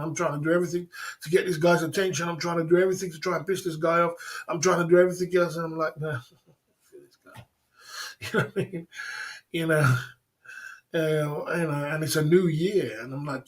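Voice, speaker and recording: A man talks straight to his livestream audience in a loose, defiant rant. He laughs between phrases and keeps circling back to "you know what I mean". His voice sits a little high for a man. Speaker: livestream host.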